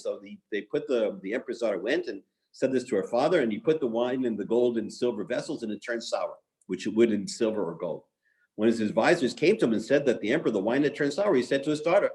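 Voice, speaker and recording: A man's voice: mid-range voice, animated, fast, a little mellow. Man, teacher, conversational lesson, mid-range voice. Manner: conversational, with fillers and restarts. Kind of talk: Talmud lesson storytelling.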